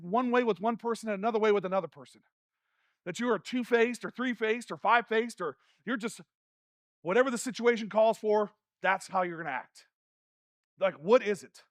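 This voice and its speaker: A man preaches from a church stage, his voice sitting high for a man. He tells the story with jokes and asides, and the sound is close and dry. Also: no echo. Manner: animated, jokey storytelling with rants. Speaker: pastor. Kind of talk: sermon.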